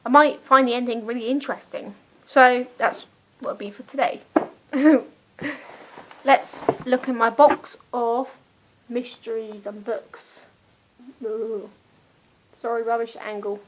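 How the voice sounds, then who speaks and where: Chatty high-voiced British young woman. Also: steady tone, slow pace, pauses often, slight background noise, poor audio. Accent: British English. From Britain. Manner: chatty, rambling, self-interrupting. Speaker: book reviewer. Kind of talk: casual book review vlog. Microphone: phone camera.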